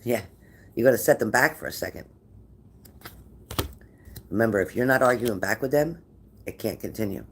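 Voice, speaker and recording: A man's voice: fairly low pitch, expressive, normal speed, gravelly, pauses often, fairly bright tone, slight background noise. A man giving a tarot reading to viewers, talking in an encouraging way and often repeating his phrases. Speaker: tarot reader.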